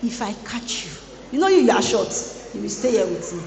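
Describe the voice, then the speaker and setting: A woman giving a lively motivational sermon to students, playfully teasing the audience. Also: medium pitch, brisk. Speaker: guest speaker at a student boot camp. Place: large hall. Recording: echoey large hall.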